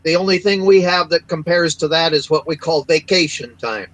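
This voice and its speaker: A man's voice: on the high side, normal speed, fairly bright tone, low-quality recording. A man in casual chat, mostly giving short agreeing replies. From western United States.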